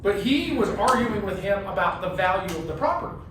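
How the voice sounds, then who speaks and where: Animated man teaching in an echoey room. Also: high voice, fairly quick. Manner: animated, joking, lots of rhetorical "right?". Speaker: real estate sales trainer. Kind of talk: casual workshop teaching. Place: classroom with a group. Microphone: phone camera from across the room. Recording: very echoey room, distant, faint hiss.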